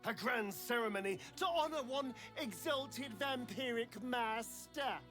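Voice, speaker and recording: A man's voice: very high-pitched, a little slow, a bit bright, faint music behind. An actor playing a vain, scheming male vampire spawn elf who speaks in a silky, dramatic way, savoring his words, in a video game. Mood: grandiose.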